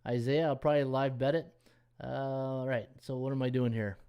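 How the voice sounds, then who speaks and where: A man's voice: mid-range voice, steady tone, moderate pace, mellow, clear, resonant tone. Rambling man thinking aloud on stream. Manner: rambling, thinks aloud while scrolling stats; reads viewer comments and thanks them. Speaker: sports betting handicapper and host. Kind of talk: casual live-stream Q&A.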